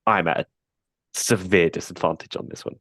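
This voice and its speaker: A deep-voiced man co-hosts a casual podcast and explains things in steady detail. The recording is close and dry, with no room sound. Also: brisk, no echo. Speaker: co-host. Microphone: headphones, remote call.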